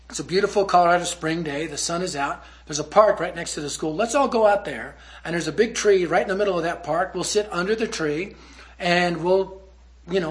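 A man giving a storytelling sermon as a youth ministry speaker, animated and acting out the people in his story. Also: a little high. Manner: animated storyteller who acts out quotes.

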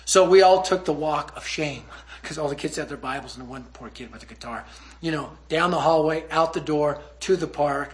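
A man giving a storytelling sermon as a youth ministry speaker, animated and acting out the people in his story. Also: a little high, brisk. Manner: animated storyteller who acts out quotes.

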